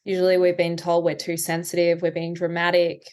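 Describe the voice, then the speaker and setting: Calm, lower-voiced woman coach. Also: brisk. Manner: calm, reflective, explanatory. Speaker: anxiety coach and podcast guest. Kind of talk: conversational interview.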